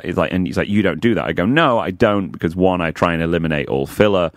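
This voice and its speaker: A man, a comedian guest on a radio talk show, telling animated stories and jumping into higher voices to quote people. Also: fast talker, few pauses, no echo. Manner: animated anecdotes, jumps into high voices for quotes. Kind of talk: casual radio chat, storytelling.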